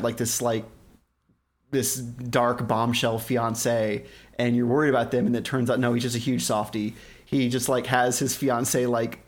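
A man co-hosting a podcast, chatting casually in a quick, opinionated way, full of "like" fillers. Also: mid-range voice. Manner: fast, opinionated, filler-heavy. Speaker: podcast co-host. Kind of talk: casual review chat.

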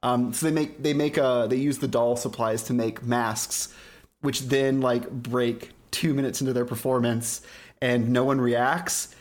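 A young man co-hosting a podcast, chatting casually and retelling scenes with lively put-on voices. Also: mid-range voice, unhurried. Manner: animated retelling of scenes, putting on character voices. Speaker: podcast co-host. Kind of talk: casual chat.

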